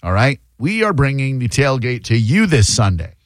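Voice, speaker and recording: A man hosting a call-in radio show, teasing and mocking his callers in quick banter from a studio microphone. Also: mid-range voice, big pitch swings, dry recording.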